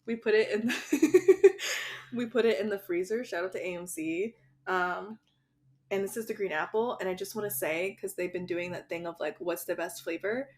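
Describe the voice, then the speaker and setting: A woman's voice: fairly low pitch, fairly even intonation, brisk. A young woman co-hosting a casual podcast, laughing often and telling stories with animation. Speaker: podcast co-host. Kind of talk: casual chat.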